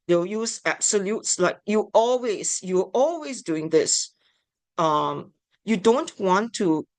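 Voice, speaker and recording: Measured woman teaching, low voice. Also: no echo. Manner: measured, deliberate, explanatory. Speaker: family therapy teacher. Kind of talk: instructional lecture.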